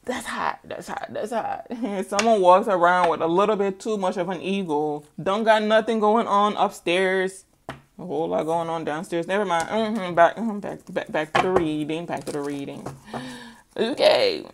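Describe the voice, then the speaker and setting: A woman's voice: on the low side, normal speed, slight background noise. Woman tarot reader, middle-aged, casual sassy delivery with teasing asides and emphatic repetition.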